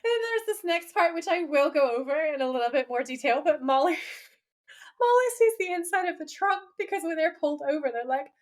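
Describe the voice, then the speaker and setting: A woman co-hosting a podcast, casually recapping an episode in a chatty, animated way with frequent laughter. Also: sits high, brisk. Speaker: podcast co-host.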